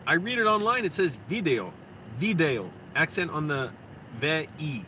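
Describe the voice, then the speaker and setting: A man's voice: fairly high pitch, expressive, sharp tone. A man vlogging into his phone in a parked car, rambling and venting with plenty of swearing. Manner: profane, rambling, quick to vent. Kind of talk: rambling casual monologue. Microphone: phone camera. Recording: noisy air conditioning hum.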